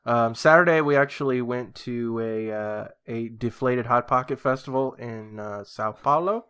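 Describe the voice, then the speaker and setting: A man co-hosting a comedy podcast in a flat, deadpan way, telling absurd tales with a steady stream of ums and uhs. His voice sits at an ordinary middle pitch. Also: normal speed, smooth. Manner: deadpan, rambling, many fillers. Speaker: podcast co-host. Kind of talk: casual comedic chat. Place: lives in Brazil.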